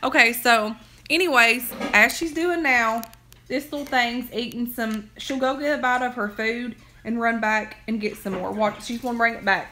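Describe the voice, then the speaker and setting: Curled up on her couch, this drawling livestream host talks via phone, spinning homey stories and tangents while laughing at her own jokes. She has a bright, slightly high voice and moderate pace, with slight background noise behind her loose, rambling chat.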